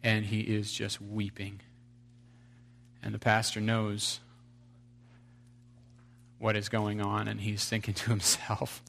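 A man's voice: lowish voice, monotone, takes it slowly, creaky, long pauses, fairly bright tone. A man preaching an earnest sermon, telling a story to his congregation.

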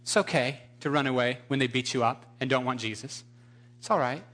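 A male pastor preaching a sermon, telling a story in an animated, emphatic way. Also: medium pitch, a little fast.

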